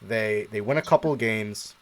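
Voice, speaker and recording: A man's voice: on the low side, normal speed. A man co-hosting a live sports stream, casually chatting and acting out his own past reactions as he tells a story, laughing often. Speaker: co-host of a sports show.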